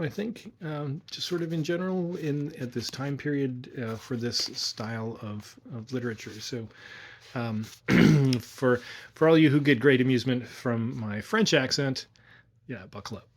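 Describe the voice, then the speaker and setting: A man with a husky, slightly breathy voice reads a horror story aloud. His pitch sits in an ordinary middle range. His delivery stays friendly and informal. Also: normal speed. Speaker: storyteller, host of a reading channel.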